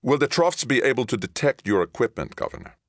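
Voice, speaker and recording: A man's voice: mid-range voice, big pitch swings, quick pace, dry recording, studio quality, pitched above the performer's own voice. A man voicing a male starship captain under attack, giving clipped, strained orders. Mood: urgent.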